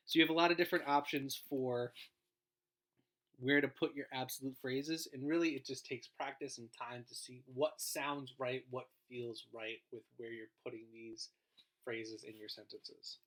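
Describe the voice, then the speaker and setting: A man's voice: mid-range voice, a bit bright. A man giving a recorded grammar lesson as a guest teacher, explaining in an informal way and trailing off at the ends of phrases.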